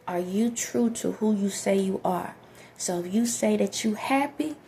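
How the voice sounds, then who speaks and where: A woman vlogger with a soft voice giving direct, preachy life advice to her viewers, often checking in with the listener. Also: medium pitch, a little slow, a little hiss or hum. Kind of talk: direct-to-camera motivational talk.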